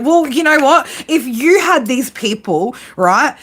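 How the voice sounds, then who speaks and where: A woman's voice: fairly high pitch, lively intonation, a little slow, a bit bright, a little hiss or hum. Teasing, foul-mouthed woman reading tarot. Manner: teasing, profane banter with viewers. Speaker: psychic tarot reader. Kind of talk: casual live-stream tarot reading.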